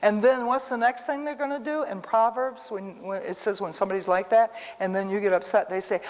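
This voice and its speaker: Lady giving a chatty sermon w/ stories, lively, big echoey church hall. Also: mid-range voice, brisk, few pauses. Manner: animated storytelling, talks to the room. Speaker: Bible teacher. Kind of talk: casual sermon with personal stories.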